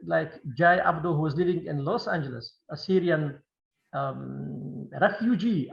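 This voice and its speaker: A man who speaks Kurdish as his first language, a film director answering questions in a halting Q&A, restarting and repeating words often. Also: fairly high pitch, creaky, reverberant, muffled recording. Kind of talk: Q&A interview.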